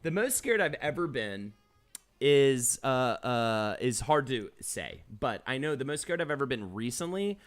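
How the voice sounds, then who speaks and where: A podcast host streaming live reads chat comments out loud and tells stories in a casual way, swearing as he goes. His medium-pitched voice swings widely in pitch and runs a little slow.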